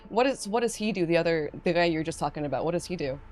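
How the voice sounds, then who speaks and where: A woman's voice: on the low side, expressive, rapid-fire, a little mellow, a little hiss or hum. A woman hosting a casual game stream, chatting with a guest and reading chat aloud with frequent laughter. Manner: bubbly, laughs often, reads chat aloud. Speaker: streamer host.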